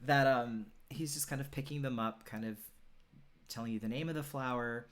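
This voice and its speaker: A woman's voice: very deep voice, steady tone, normal speed. A woman narrating a tabletop game as game master, casually and with many ums and restarts. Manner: hesitant, filler-heavy narration.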